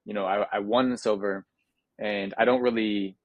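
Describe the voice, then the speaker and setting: Young American male guest, low-ish voice, earnest and reflective, dry close sound. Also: steady tone, moderate pace, no room sound, highs cut off. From United States. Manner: reflective, earnest, frequent restarts and "you know" fillers. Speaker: interview guest, Paralympic athlete. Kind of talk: casual interview.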